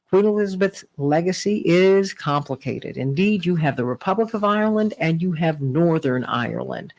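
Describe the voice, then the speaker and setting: Gravelly, emphatic woman talk show host. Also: sits low, darkish tone. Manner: enthusiastic, emphatic, repeats key points. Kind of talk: talk radio hosting.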